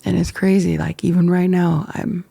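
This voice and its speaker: A woman hosting her own podcast, speaking candidly and reflectively to the camera, emotional and halting at times. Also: fairly low pitch, little pitch movement, creaky, warm tone, slightly rough, dry recording. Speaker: podcast host. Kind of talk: candid personal talk to camera. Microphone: camera framing.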